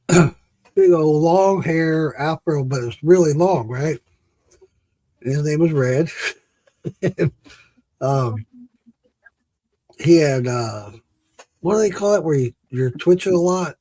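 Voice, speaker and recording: A man's voice: on the high side, takes it slowly, long pauses, mellow, dry recording. A man hosting a casual chat, telling stories with laughs and swearing, acting out quotes. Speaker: podcast host.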